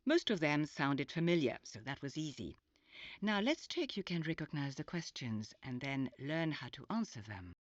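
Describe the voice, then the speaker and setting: A woman teaching a scripted language lesson in a clear, patient, instructive way. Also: deep voice, very animated, moderate pace, slight background noise. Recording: dull lo-fi audio.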